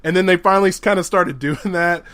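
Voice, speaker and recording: Excited podcast guy chatting, laughs a lot, bright voice, dry sound. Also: high voice, brisk, no room sound. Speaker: podcast co-host. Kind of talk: casual chat.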